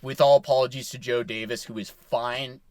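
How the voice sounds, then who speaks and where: A man's voice: medium pitch, steady tone, normal speed, darkish tone, no echo. A man co-hosting a casual sports podcast, rambling and opinionated, with lots of fillers. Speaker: podcast co-host.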